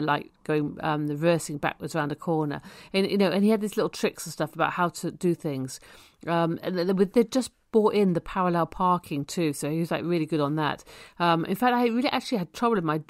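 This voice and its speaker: A woman, a pharmacist, telling a personal story in a chatty way with many ums and soft laughs. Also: deep voice, no echo, studio quality.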